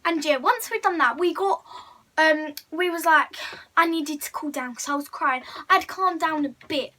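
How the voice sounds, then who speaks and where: A woman's voice: high-pitched, normal speed, bright, forceful tone, rough recording. A teenage girl telling a gushing, breathless fan story on her vlog. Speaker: vlogger.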